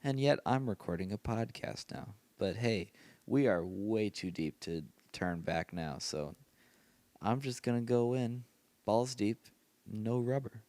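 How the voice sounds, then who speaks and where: A man with a lowish voice talks slowly through a late-night solo podcast. He sounds tired, rambles loosely and keeps breaking into laughter at himself. The sound is dry and close, with no room echo. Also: animated, a little mellow. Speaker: podcast host.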